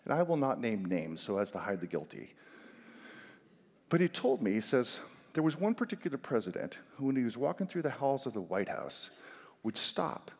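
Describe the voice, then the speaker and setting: A man preaching a sermon, emphatic, stressing single words and swinging his pitch widely to make a point. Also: sing-song, normal speed, breathy edge. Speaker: pastor. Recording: long hall reverb.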